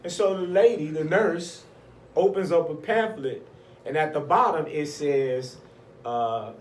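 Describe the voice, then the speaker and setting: Echoey storyteller man, slightly high voice. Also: unhurried, slight background noise. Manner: animated, acts out voices of others in his story. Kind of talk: personal storytelling. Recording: echoey room, mic at a distance.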